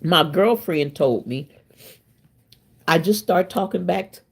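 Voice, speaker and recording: Woman, fifties, low-pitched, husky voice, casual chat to viewers, laughs a lot. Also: expressive, slow pace. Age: 50s. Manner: chatty, laughs often, talks straight to viewers. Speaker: channel host.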